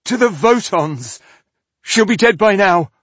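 A man's voice: high-pitched, fairly even intonation, slow, dry recording, pitched above the performer's own voice. A man voicing a frightened captive man who stammers and pleads. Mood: terrified.

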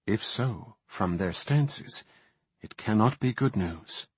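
A man voicing a calm night elf high priestess, speaking softly and gravely in an audiobook. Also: takes it slowly, no echo, heavily acted.

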